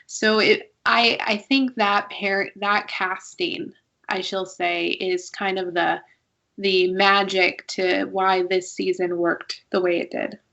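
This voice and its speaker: Speaking slowly in a steady, medium-pitched voice that is creaky, bright, and forceful, a woman hosts a podcast reviewing shows. She's talkative and opinionated, with many restarts, and the sound is lo-fi.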